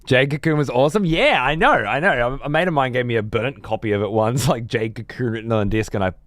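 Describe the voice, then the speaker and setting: A man's voice: mid-range voice, fast, a bit bright, no room sound. A middle-aged man streaming games, chatting casually in a rambling, profane way with many restarts. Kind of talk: casual gaming stream chat.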